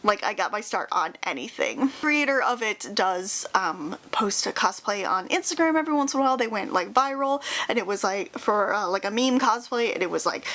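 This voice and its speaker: A woman's voice: medium pitch, expressive, moderate pace, a bit bright. A young woman talking casually to her viewers, rambling through lots of fillers and restarts and sounding wistful and nostalgic, close to tears at times. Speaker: YouTuber. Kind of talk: casual chat.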